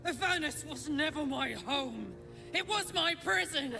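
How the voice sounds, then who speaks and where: An actress voicing a fiery, defiant female demon warrior who has escaped, in a video game, speaking with a gravelly voice. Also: sits high, expressive, measured pace, over music, heavily acted. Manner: defiant, vows loudly.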